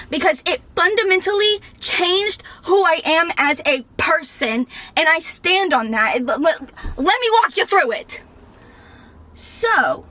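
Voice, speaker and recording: Bright high-voiced young woman ranting. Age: 20s. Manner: fired-up, ranting, swearing, shouting at times. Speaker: vlogger. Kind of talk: unscripted rant to camera. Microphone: camera mic.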